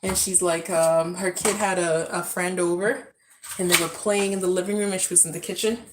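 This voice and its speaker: A woman's voice: on the low side, steady tone, fairly quick, background noise. A woman in her thirties chatting casually on a live stream at home, talking to viewers and calling out to her kids in the backyard. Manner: chatty, scolding her kids between asides. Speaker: vlogger. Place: at home, outdoors near a backyard pool.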